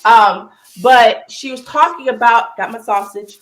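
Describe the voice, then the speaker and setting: A woman's voice: fairly high pitch, a little slow, a bit bright, low-quality recording. A woman speaks earnestly and openly about something painful, her voice close to tears. She talks with restarts and fillers while she cooks, heard over a video call. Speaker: podcast co-host. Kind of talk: emotional personal talk.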